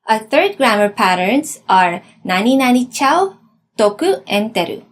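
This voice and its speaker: A woman's voice: fairly high pitch, very animated, a little slow, dry recording. Patient woman teaching grammar. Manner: clear, patient explanation, switching into example sentences. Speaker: language teacher. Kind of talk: explaining grammar with examples.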